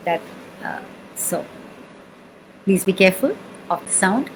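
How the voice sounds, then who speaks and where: A woman's voice: on the low side, big pitch swings, measured pace, long pauses, a little hiss or hum, low-quality recording. A woman with an Indian accent teaching sound healing, patiently repeating syllables and checking that the listener follows. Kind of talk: spoken lesson with chanting demonstrations.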